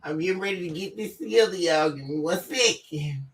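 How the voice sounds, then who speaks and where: A woman hosting a live tarot stream on a webcam mic from home, excitable and laughing often as she chats casually with her viewers. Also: on the low side, fairly quick. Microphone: webcam microphone.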